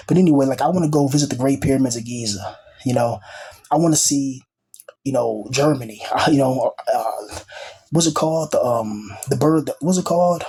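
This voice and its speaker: A man in a loose, rambling monologue, speaking like an informal preacher who jumps from thought to thought. His voice sits at an ordinary male pitch with a husky, slightly rough texture. He fills the gaps with casual asides and restarts. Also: warm tone. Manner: rambling, full of "you know" and "bro" asides. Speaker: self-styled teacher and preacher.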